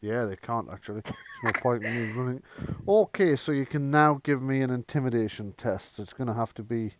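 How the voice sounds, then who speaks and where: A man's voice: medium pitch, lively intonation, fairly quick, slight background noise. A man running a tabletop game as game master, laid-back and swearing freely.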